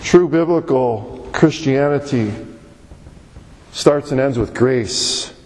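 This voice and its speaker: A man's voice: mid-range voice, slow pace, darkish tone. A man preaching a sermon as pastor, with an emphatic, repetitive cadence. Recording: long hall reverb.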